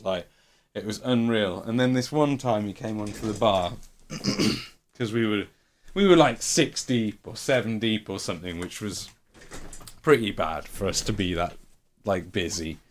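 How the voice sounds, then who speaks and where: A man's voice: medium pitch, slight background noise. A man streaming, telling a rambling story with lots of swearing and fillers. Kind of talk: casual storytelling.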